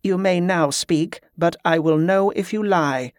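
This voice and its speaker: A composed spell-working monk who speaks with measured courtesy and a quiet menace, as a male narrator voices him. His voice sits a little above the narrator's own and sounds dry and close. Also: high voice, dry recording. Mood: coolly menacing. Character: calm, watchful monk who works spells.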